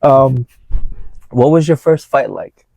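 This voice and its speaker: A man's voice: mid-range voice, slow pace, creaky, dry recording. A male podcast host asks loose, rambling questions in a mid-range voice. He backs up his guest with frequent short agreements, and his sound is dry and close. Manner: relaxed, frequent "yeah" and "right" backchannels, rambling questions. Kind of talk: casual interview chat.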